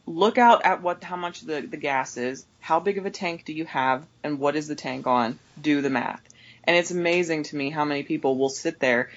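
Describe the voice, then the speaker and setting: In this casual storytelling rant, a podcast guest who works the overnight shift at a gas station vents about a customer, rambling and restarting in exasperation. She speaks at a moderate pace and sharply raises her pitch to mimic customers; the high frequencies are cut off.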